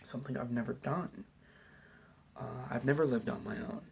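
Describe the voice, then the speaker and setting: Gravelly young man in soft whispers. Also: medium pitch, steady tone, normal speed, a little hiss or hum. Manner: soft, hesitant, rambling whisper with many fillers. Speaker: YouTuber answering questions. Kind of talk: whispered ASMR Q&A. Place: home at night.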